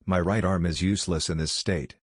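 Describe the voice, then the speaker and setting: A man reading as a gruff rogue swordsman. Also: low-pitched, fairly even intonation, fairly quick, no echo, clean studio sound. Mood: wry. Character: hardened adult male rogue swordsman, proud.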